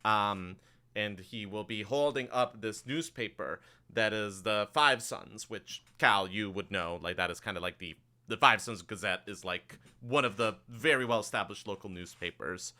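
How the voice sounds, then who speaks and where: A man's voice: on the low side, moderate pace, pushed and bright. A man narrating a tabletop game as game master, loose and full of fillers.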